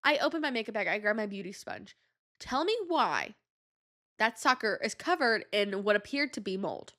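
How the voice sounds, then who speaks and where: A young woman hosting a podcast, telling a story in a chatty, animated way and acting out the voices of people she quotes. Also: mid-range voice, moderate pace. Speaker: podcast host. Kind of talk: casual storytelling monologue.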